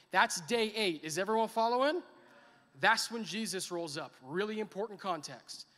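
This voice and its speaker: A male pastor delivers a sermon in a high, bright voice. He builds to fervent, impassioned crying out, then pulls back to quiet, intense emphasis. The sound rings with a long reverb from a large church hall. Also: animated, normal speed. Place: church sanctuary.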